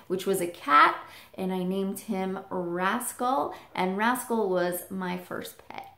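A woman from England, a vlogger telling a childhood story in an animated way, leaping up high when she quotes her child self. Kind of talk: personal storytelling. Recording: roomy echo.

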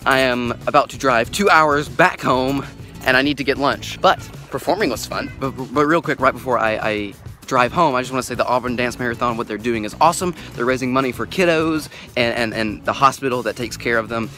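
Young man, vlogger, bright voice, upbeat and joking, stuffy with a cold, headset mic. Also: mid-range voice, a little fast, soft background music. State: sick, stuffy nose. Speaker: vlogger and magician. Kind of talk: casual vlog talk. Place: outdoors and in a car. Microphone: headset microphone.

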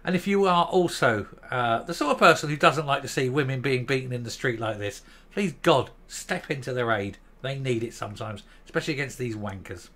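A man in his fifties hosting his own channel, ranting bluntly and profanely to camera and stopping now and then to calm himself down. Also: medium pitch, a little fast. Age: 50s. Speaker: commentary channel host. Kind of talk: angry opinion rant to camera.

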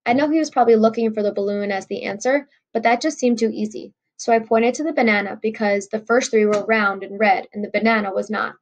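A woman's voice: on the high side, fast talker, few pauses. A woman reading a novel aloud in a wry first-person storytelling voice. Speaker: audiobook reader.

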